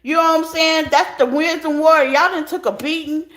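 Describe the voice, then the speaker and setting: A woman with a high voice reads tarot live, chatting directly to her viewers. She speaks in a relaxed, talkative way. The sound bounces around an echoey room. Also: fairly quick. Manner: chatty, talks straight to viewers as y'all. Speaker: tarot reader.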